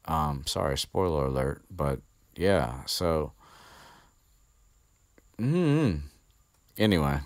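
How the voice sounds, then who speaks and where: Very deep-voiced man rambling casually. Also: sing-song, takes it slowly, long pauses, no room sound, studio quality. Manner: rambling, chatty, swears casually. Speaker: podcast host. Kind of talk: casual book recap.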